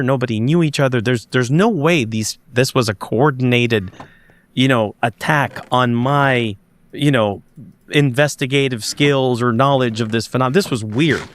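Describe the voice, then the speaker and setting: A man telling a story as a podcast guest, animated, acting out the dialogue, often restarting his sentences. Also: medium pitch. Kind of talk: conversational storytelling.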